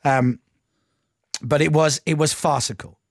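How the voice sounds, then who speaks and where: A man's voice: fairly high pitch, a little slow, gravelly, no echo, studio quality. A man being interviewed, once a radio breakfast show host, telling a story in a casual way and acting out what people said. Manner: animated, acts out quoted dialogue. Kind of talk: conversational storytelling.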